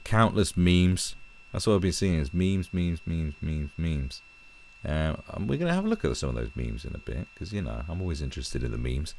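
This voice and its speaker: A man's voice: rumbling low, very animated, normal speed, creaky, a little mellow, slight background noise. A man giving casual video commentary as an online host, sarcastic and rambling, with swearing along the way.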